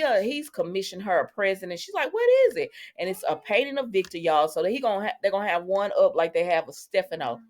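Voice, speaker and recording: A woman hosting a casual soap opera recap, chatting to her viewers and retelling each scene through quoted lines. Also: on the low side.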